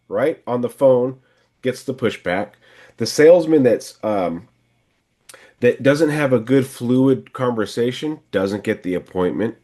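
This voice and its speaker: A man's voice: medium pitch, darkish tone. A man coaching a salesman one on one, casually acting out lines a salesman and a customer might say. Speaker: sales trainer and podcast host.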